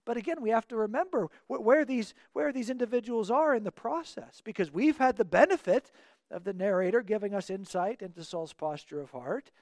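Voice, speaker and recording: A man's voice: high voice, a little fast, a little mellow, no echo, studio quality. A man teaching a Bible passage verse by verse in an earnest, explanatory way, acting out the quoted dialogue.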